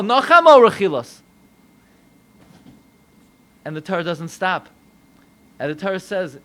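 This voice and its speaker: An American man, a rabbi, preaching a sermon with animated delivery, acting out voices in dialogue. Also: sits high. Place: synagogue.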